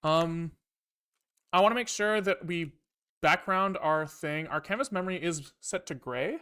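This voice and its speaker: A man with a fairly high voice talks casually while he codes on a live stream. He thinks aloud, rambles, swears freely and tosses dry asides to his viewers. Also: measured pace, bright, forceful tone, clear, resonant tone. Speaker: programming livestreamer. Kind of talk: casual live coding talk.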